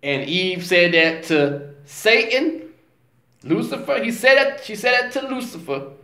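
A man talks through a scripture story in a slow, emphatic, conversational way. His pitch sits high and moves lively as he makes his points. The sound is roomy and echoey. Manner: slow, emphatic, conversational, says "you know what I'm saying". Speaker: vlogger. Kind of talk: casual religious talk. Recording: roomy echo.

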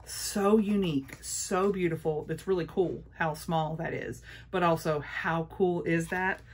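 A woman's voice: on the low side, fairly even intonation, unhurried, breathy edge. A woman chatting casually through a makeup haul, gushing and repeating her praise. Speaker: beauty vlogger.

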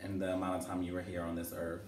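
A man's voice: low voice, monotone, fast talker, darkish tone. Sassy man in an echoey room. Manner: sassy and theatrical, calling people honey and girl. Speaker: podcast host. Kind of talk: casual chat. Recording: echoey room, mic at a distance, faint hiss.

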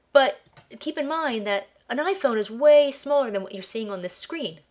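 A woman's voice: on the high side, expressive, normal speed. A woman web designer with a nasal, allergy-congested voice, casually talking through a website review and often restarting words. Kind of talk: screen-share website review.

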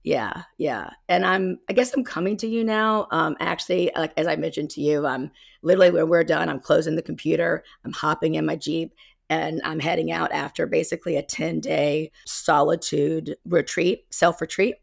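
A woman's voice: low voice, steady tone, moderate pace, gravelly, dry recording, clean studio sound. A woman in her fifties from South Carolina with a Southern accent, talking candidly and rambling a little as a guest over a video call. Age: 50s. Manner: candid, rambling, self-correcting. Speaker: guest, embodiment coach. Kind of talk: casual interview.

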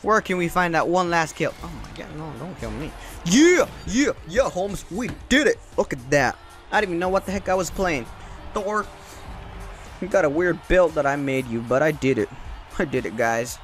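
A young man hosting his gaming channel, giving excited gameplay commentary, yelping, laughing and repeating words as he plays. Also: a little high, normal speed. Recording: faint game music behind.

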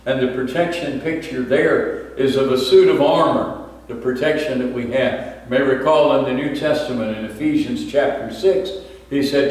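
Older male pastor, measured sermon delivery, heard from far off in a very echoey sanctuary. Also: medium pitch, a little mellow. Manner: measured, explanatory, with frequent "uh" pauses. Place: church sanctuary. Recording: echoey church from far off, faint background hiss.

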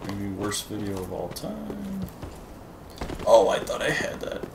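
A man narrates his own gameplay in an unhurried, casual drawl, teasing himself over every mistake. His voice sits a little low. The recording is roomy and has a steady noise underneath. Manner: self-deprecating, chatty, talking to viewers. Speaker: gaming channel host. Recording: echoey room with noise.

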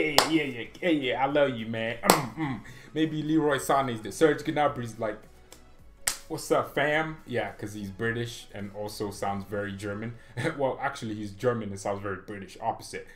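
Young guy ranting on his fan channel, super animated, laughing a lot, faint music behind. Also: mid-range voice. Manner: animated, opinionated, laughs often, acts out players. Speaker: football fan channel host. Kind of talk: casual opinion vlog.

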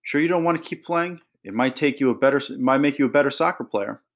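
A man's voice: medium pitch, fast talker, lightly acted. A man voicing a sly, teasing male talking cat with a dry, purring manner.

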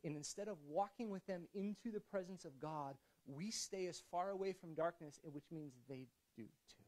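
A man preaching a conversational sermon as a pastor in a church, often restarting phrases and swinging from quiet to emphatic. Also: a little high, normal speed, low-quality recording.

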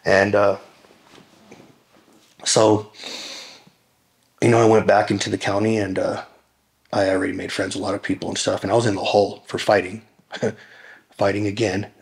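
A man recounts his personal testimony in an interview, his voice sitting a little low. He speaks earnestly and with emotion, circling back on himself with fillers and restarts as he talks. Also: vocal fry. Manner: rambling, full of fillers and restarts.

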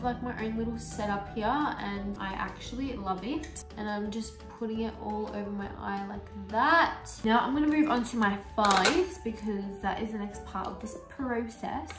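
A young woman chatting casually while doing her makeup, full of "like" fillers and lively storytelling. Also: medium pitch. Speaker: beauty vlogger. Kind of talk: casual get-ready-with-me chat. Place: small bedroom filming setup. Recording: roomy echo, mic at a distance, soft music.

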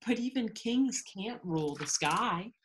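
Brief: earnest page boy, read by a woman, lively pitch swings. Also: unhurried, slight background noise, natural voice. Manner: earnest, pleading. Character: nervous young male page boy.

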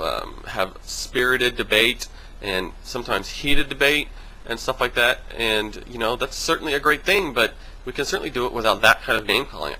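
Bright-voiced man ranting on his vlog. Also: low-quality recording. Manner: animated, mimics others in high voices; swears freely. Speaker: vlogger. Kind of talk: casual vlog rant.

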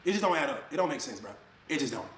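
Man ranting real fast, loud jabs then low mutters, kinda high voice. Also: sing-song. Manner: fired up, swings between loud jabs and low mutters, mocks others' voices. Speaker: online video creator. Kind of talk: heated rant to camera. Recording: echoey room.

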